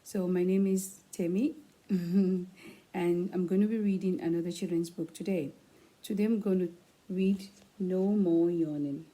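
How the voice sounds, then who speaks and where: A woman hosting her own channel, reading a children's picture book aloud in a slow, expressive way with playful asides. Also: lowish voice, low-quality recording.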